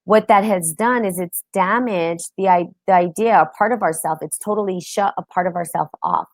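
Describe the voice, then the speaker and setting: A woman's voice: fairly low pitch, moderate pace, no room sound. Chatty woman hosting a live stream. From United States. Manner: open, chatty, greets viewers by name. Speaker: host. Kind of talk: casual live-stream talk.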